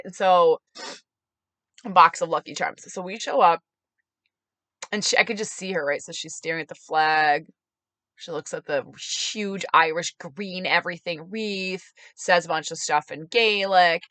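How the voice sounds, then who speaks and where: A woman tells a story on her podcast in a bright, clear voice. She acts out the people she quotes with sudden high jumps in pitch and laughs easily. The sound is dry and close to the mic. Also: dry recording. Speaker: podcast host telling a story. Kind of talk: casual storytelling monologue.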